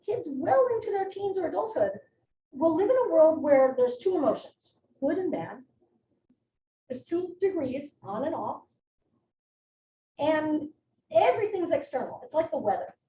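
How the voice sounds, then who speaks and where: Woman, middle-aged, nurse presenter, live talk, conversational, high and lively voice, echoey room, distant muffled mic. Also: slight background noise. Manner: conversational, animated, with personal asides. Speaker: psychiatric nurse practitioner, presenter.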